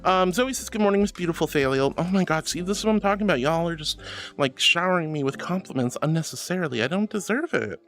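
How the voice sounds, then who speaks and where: Bubbly woman streamer with lively pitch. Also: fast, soft background music. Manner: affectionate, giggly, calls viewers sweetie and darling. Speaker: streamer reading chat. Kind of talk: casual stream chat.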